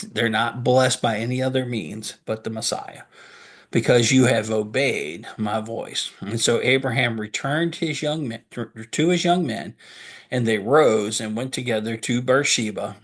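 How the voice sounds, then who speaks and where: A man preaching a sermon, reading scripture aloud and stopping to explain it, posing questions and answering them himself. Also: mid-range voice. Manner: earnest, reads scripture aloud and stops to explain it. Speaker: pastor.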